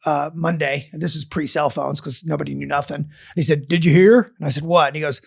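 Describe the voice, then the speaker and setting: A man's voice: fairly high pitch, fast talker, vocal fry, breathy edge. An older man in casual podcast talk, telling stories animatedly and acting out what people said. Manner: animated storyteller who acts out quotes. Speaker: guest. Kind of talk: storytelling podcast chat.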